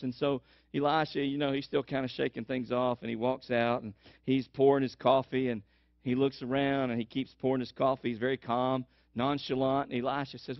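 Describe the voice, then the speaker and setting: A male pastor preaches in an animated storytelling way, repeating phrases for emphasis. The recording is dry and dull, with a lo-fi sound. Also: mid-range voice, fairly quick, dry recording. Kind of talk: sermon.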